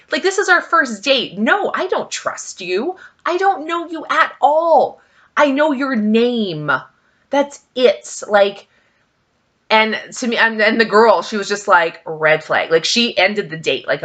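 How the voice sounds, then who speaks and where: A woman's voice: on the high side, fairly bright tone. A woman talking casually in a vlog, telling stories in a chatty way with lots of fillers and emphatic asides. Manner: chatty storytelling, many fillers. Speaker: vlogger.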